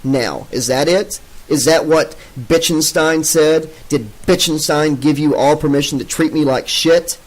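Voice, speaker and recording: A man voicing a shrill male scientist ranting in a fit of rage, in an audiobook. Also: expressive, normal speed, few pauses, low-quality recording. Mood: enraged. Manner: shrill, shouting.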